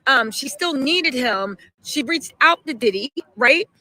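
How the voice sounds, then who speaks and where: A woman's voice: sits high, lively intonation, measured pace, pushed and bright, rough recording. A woman hosting a casual live stream, chatting animatedly, reading out viewer messages and firing off emphatic rhetorical questions.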